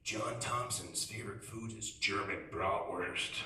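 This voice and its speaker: A man emceeing a comedy show, loudly hyping up the crowd and introducing the headliner. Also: measured pace, echoey room, recorded from a distance, background noise. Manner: loud, high-energy announcing.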